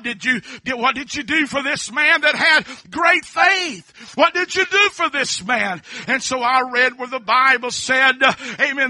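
A middle-aged man preaches in a church sanctuary in a high, ringing, very bright voice. He drops amens between phrases and surges into shouts. His voice is close-miked and dry, with no echo. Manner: fervent, fills pauses with repeated amens, shouts at peaks. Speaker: pastor. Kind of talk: holiness sermon.

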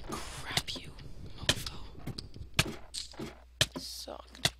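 A woman giving casual gameplay commentary, rambling in silly self-talk and arguing with herself, swinging between whispered asides and loud outbursts. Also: medium pitch, level tone, slow pace, creaky, pauses often. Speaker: gamer playing online survival matches. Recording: noisy home recording with clicks.

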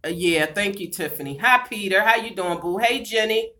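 A woman's voice: medium pitch, moderate pace, bright, forceful tone. A woman in her thirties on a casual live-stream vlog, tearful and blunt. She swears freely and talks straight to viewers as "y'all" and "girl.". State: tearful, voice breaking. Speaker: vlogger reading live chat.

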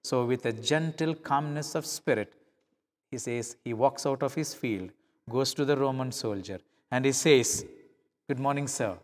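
A man's voice: mid-range voice, unhurried, big-room sound. A middle-aged male pastor preaching a sermon, telling stories and acting out the dialogue in changing voices. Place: church.

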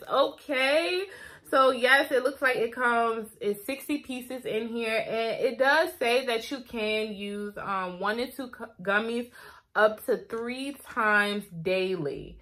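A young woman beauty vlogger chatting excitedly to camera, calling her viewers y'all, girl and honey. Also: a little high. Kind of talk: casual chat to camera.

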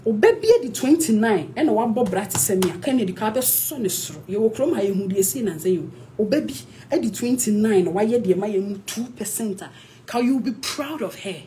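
Scolding Ghanaian woman, animated pitch. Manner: confrontational, scolding, mixes English with Twi. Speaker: actress. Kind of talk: heated social media rant.

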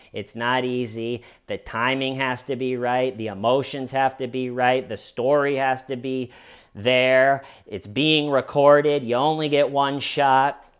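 A man giving sarcastic, comedic true-crime commentary as a host, telling the story with animated jabs. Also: mid-range voice, smooth.

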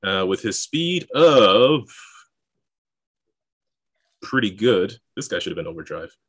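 Man, game master, low voice, dry close sound, explains rules aloud, chuckles. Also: big pitch swings, slow, fairly bright tone, slightly rough, no echo. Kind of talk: narrating and adjudicating a tabletop game.

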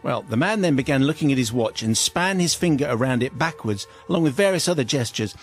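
A British man, a radio host, reads a listener's comic story aloud with lively, amused delivery and playful quoted voices. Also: mid-range voice, a little fast, faint music behind.

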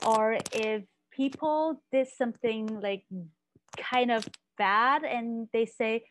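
A woman teaching a language lesson, explaining patiently and repeating phrases slowly. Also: fairly high pitch, no room sound. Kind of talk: slow, careful language lesson.

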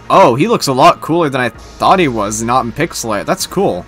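A man giving excited gameplay commentary, gushing in loud, exclamatory bursts. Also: mid-range voice, normal speed, few pauses, slightly rough, faint music behind. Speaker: let's-play gamer.

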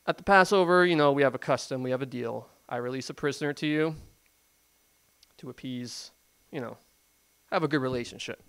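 A man's voice: mid-range voice, a little fast, fairly bright tone, clean tone, lightly acted. A man playing a mocking, weary Roman governor, speaking in an offhand, sarcastic way.

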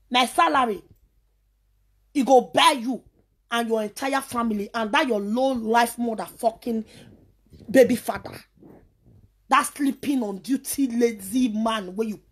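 A Nigerian woman with a high voice rants into her vlog, scornful and insulting. She keeps breaking into sing-song chanted taunts between her jabs. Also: a little slow, long pauses, slightly rough. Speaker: vlogger. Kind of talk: heated ranting vlog.

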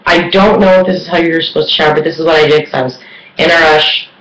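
A woman's voice: deep voice, steady tone, fast, a bit bright, slight background noise. A woman chatting casually in a beauty vlog, rambling with lots of fillers. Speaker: beauty vlogger. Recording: echoey room.

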